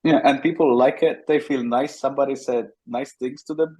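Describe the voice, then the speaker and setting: Man, husky voice, animated, interview guest. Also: mid-range voice, fairly quick, hardly any pauses, rough recording. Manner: animated storyteller with frequent restarts. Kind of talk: casual interview chat.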